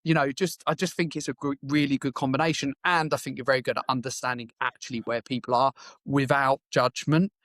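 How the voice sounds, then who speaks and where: A man's voice: medium pitch, fairly even intonation, fairly quick, fairly bright tone, no echo. A man who works as a business coach, a guest on a podcast, talking frankly and conversationally with the odd swear word. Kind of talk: casual interview chat.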